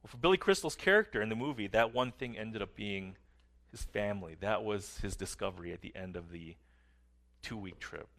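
A middle-aged man preaching a sermon earnestly, his phrases often trailing off softly at the ends. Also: lowish voice, fairly quick. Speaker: pastor.

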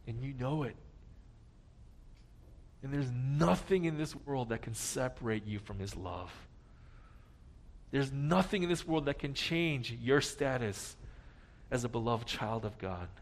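A man preaching a sermon, earnest, rising to loud emphasis and dropping to a near hush at key points. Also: medium pitch, lively intonation, slow, long pauses. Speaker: pastor.

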